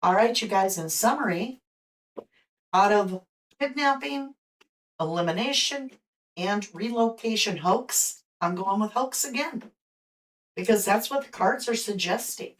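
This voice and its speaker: A woman's voice: mid-range voice, animated, unhurried, pauses often, far from the mic. A woman hosting a live stream, reading tarot cards and chatting with viewers in a speculative, friendly way, with hiccups today. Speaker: host and tarot reader.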